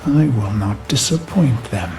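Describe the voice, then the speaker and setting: A man's voice: fairly low pitch, expressive, unhurried, over music. An actor playing a brooding, vengeful human warlord who recalls his past in a grave, haunted inner monologue for a game cutscene. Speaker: narrator of a memory.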